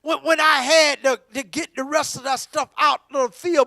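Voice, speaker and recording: A man preaching a sermon in church, swinging from hushed talk to shouting, repeating words for emphasis. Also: extremely high pitch, fairly even intonation, moderate pace, few pauses, no echo. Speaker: pastor. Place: church sanctuary.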